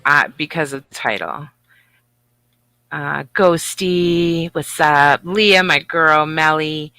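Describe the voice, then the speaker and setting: A woman's voice: low-pitched, slow pace, bright, forceful tone, no room sound. A woman co-hosting a casual livestream, bubbly and teasing as she greets viewers. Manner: bubbly, teasing, swings between squeals and mutters. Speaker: livestream co-host.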